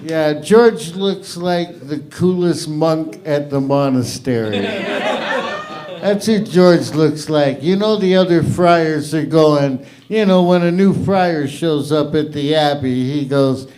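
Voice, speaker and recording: Slow-talking male comedy emcee. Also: fairly high pitch, noisy background. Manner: loose, joking banter between acts. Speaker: open mic host. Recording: live room with audible crowd. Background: crowd.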